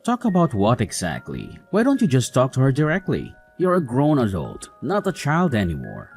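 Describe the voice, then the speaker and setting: A man's voice: mid-range voice, huge pitch swings, moderate pace, darkish tone. An actor playing a dismissive, mocking husband who defends his mother, over faint music.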